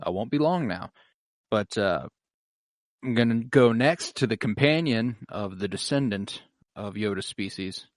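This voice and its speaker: A man with a lowish voice co-hosts a podcast and chats casually. He gives his opinions in a relaxed, enthusiastic way. The recording is close and dry. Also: a little slow, dry recording. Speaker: podcast co-host. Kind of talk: casual chat.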